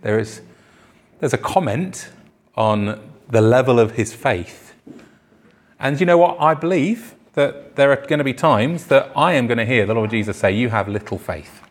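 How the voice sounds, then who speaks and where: A man's voice: medium pitch, animated, normal speed. A male pastor preaching a conversational sermon in church, acting out the quoted voices in his stories.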